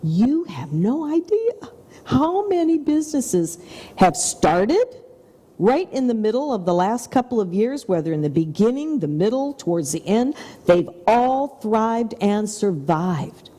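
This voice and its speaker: A woman's voice: fairly high pitch, big pitch swings, a little slow. Effusive woman co-host in a reverberant room. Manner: effusive and upbeat, with soft whispered asides. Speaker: TV show co-host. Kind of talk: motivational talk-show chat.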